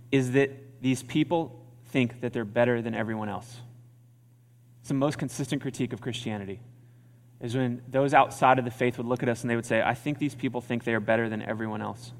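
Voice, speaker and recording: A man preaching a sermon as pastor, earnest and conversational, often repeating his phrases. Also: medium pitch. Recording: church hall reverb.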